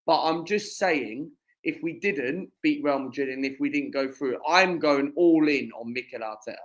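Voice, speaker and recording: A man's voice: on the high side, moderate pace. A man co-hosting a casual fan chat stream who insists on his points and repeats the same lines. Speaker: co-host.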